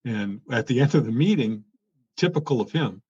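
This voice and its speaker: Speaking at a moderate pace with a medium-pitched voice, an older former auto executive shares an interview anecdote. He brings it to life by acting out quoted dialogue, though the audio is dull and lo-fi.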